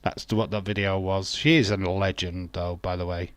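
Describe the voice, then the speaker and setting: An English man hosting a live watch-along stream, talking loosely and joking as he answers his chat. His voice sits on the low side, and the sound is dry and close with no room to it. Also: flat delivery, normal speed, no room sound. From England. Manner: chatty, jokey, reads viewer chat aloud. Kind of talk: casual wrestling watch-along commentary.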